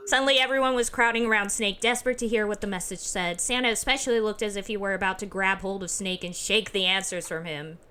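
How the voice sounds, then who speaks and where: A woman from the Midwest, narrating a visual novel aloud for friends in a clear, unhurried reading voice. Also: medium pitch, pushed and bright. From American Midwest.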